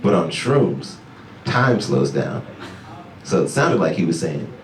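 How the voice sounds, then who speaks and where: A male stand-up comedian telling a story to a club audience, with animated delivery that jumps into high, excited voices. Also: slow pace, a little hiss or hum. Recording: echoey club sound from far off.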